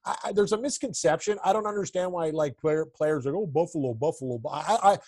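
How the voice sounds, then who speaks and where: Brief: excitable man from Toronto, slightly higher voice, blunt and joking, dry close sound. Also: a little fast, no room sound. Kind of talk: casual sports chat.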